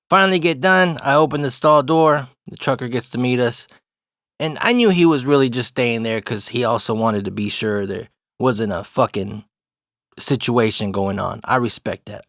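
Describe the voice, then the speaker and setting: A man's voice: medium pitch, a bit bright, no room sound, clean studio sound. A young man telling a rambling, profane restroom story in a casual storytime monologue, laughing as he goes. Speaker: vlogger.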